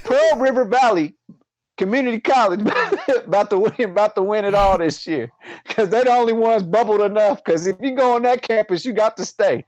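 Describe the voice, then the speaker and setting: A man's voice: high voice, moderate pace, darkish tone, highs cut off. A man who hosts his own show, appearing as a guest and joking boisterously with frequent laughter in casual podcast banter.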